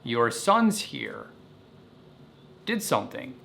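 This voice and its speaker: A man voicing a serious male police officer who speaks formally and flatly. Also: medium pitch, takes it slowly, vocal fry, heavily acted. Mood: stern.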